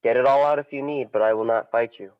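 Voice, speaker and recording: A man voicing a calm, wise old kung fu master who speaks in measured words. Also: mid-range voice, lightly acted. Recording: dull lo-fi audio.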